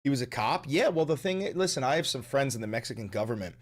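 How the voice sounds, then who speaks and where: A man hosting a livestream, ranting loudly and profanely in casual reaction commentary. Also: mid-range voice, quick pace. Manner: loud, animated, profane ranting. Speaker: livestream host.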